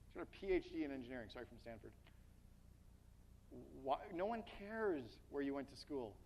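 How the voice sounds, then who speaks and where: A man giving an energetic, blunt business keynote to a live audience, speaking to them directly and asking them questions. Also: medium pitch, a little fast, low-quality recording.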